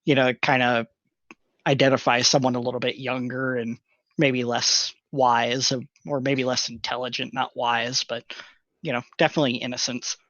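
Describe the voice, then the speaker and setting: A man's voice: medium pitch, little pitch movement, moderate pace, fairly bright tone, no room sound, lo-fi sound. A man in casual chat, hesitant and searching for words.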